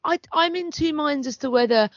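A woman co-hosting a casual discussion podcast, weighing her views aloud with measured restarts. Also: high-pitched, no room sound, lo-fi sound. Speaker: podcast co-host.

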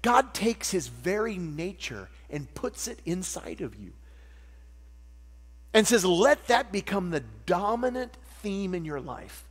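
A man preaching a sermon, animated and jokey, acting out little voices as he teaches. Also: sits high, takes it slowly. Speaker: pastor. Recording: long hall reverb with mains hum.

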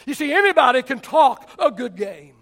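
With an extremely high-pitched voice at normal speed, this man preaches as a pastor. He spins stories and acts out whoever he's quoting, keeping his delivery lively.

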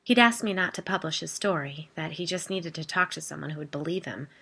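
A woman's voice: sits low, a little fast, vocal fry, pushed and bright, slightly rough. Woman narrating a first-person storybook. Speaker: audiobook narrator. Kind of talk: scripted narration.

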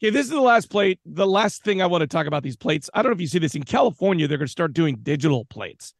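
A man's voice: a little high, sing-song, fast talker, gravelly, no room sound, clean studio sound. A man co-hosting a podcast, chatting casually in a playful, jokey way and laughing often. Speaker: podcast co-host. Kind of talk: casual chat.

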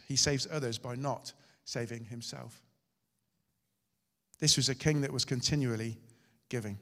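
Male pastor, sermon, dramatic swings from forceful to hushed, long hall reverb. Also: mid-range voice, moderate pace. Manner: dramatic, shifting loud and soft.

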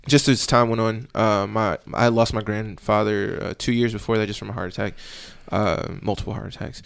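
A man's voice: lowish voice, fairly quick, gravelly, clean tone, no room sound. A young man, a police officer, telling stories in casual podcast talk and acting out the voices of the people in them. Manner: animated, acts out voices in his stories.

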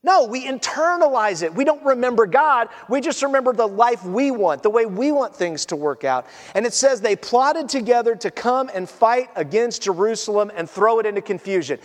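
A man preaching a sermon as pastor, animated, often acting out quotes and voices. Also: very high voice, moderate pace, big-room sound.

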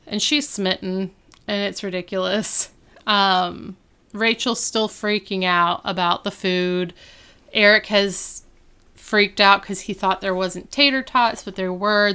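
A woman's voice: mid-range voice, clean tone. A young woman co-hosting a podcast, chatting casually as she recaps a TV episode and acts out the characters' lines. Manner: animated storytelling, acting out characters' lines. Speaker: podcast co-host.

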